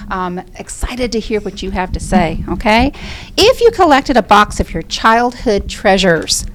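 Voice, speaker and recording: A woman's voice: medium pitch, a little hiss or hum. A woman teacher calling on students in turn during a class discussion, giving brief praise and instructions. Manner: friendly, directs turns, gives brief praise. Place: school room with students.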